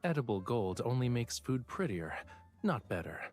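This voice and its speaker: An actor voicing a charming young man at a fancy dinner in a game, smooth and playfully teasing. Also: mid-range voice, very animated, moderate pace, darkish tone, faint music behind, natural voice.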